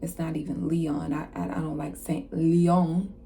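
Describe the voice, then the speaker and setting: A woman card reader giving a casual channeled message, retelling a story in an animated way with slang and asides. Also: low-pitched, moderate pace, creaky, slight background noise.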